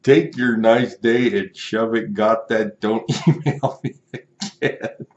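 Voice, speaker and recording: A man voicing a rude, angry male online buyer who reads out insults slowly and loudly, in a mocking tone. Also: fairly low pitch, roomy sound, dull audio. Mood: belligerent. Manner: slow, loud, mocking emphasis, repeated taunts.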